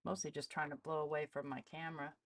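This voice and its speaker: A woman's voice: low-pitched, flat delivery, fast talker, no echo. A woman hosting a casual live art demonstration, chatting as she tests supplies and greets viewers. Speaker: art channel host.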